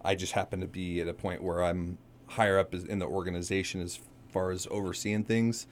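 Deep-voiced man rambling in a radio interview. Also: little pitch movement. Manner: rambling, halting, self-correcting. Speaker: undersheriff guest.

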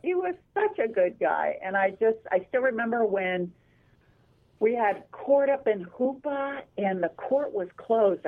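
Female attorney guest, anecdotal and chatty, heard through a tinny phone line. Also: medium pitch. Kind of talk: casual radio interview by phone. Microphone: telephone.

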